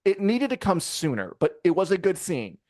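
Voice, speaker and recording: A man co-hosting a live review show in casual chat, rambling and animated, with many fillers and acted-out quotes. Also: high-pitched, moderate pace, dry recording, clean studio sound. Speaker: podcast co-host reviewing a TV episode.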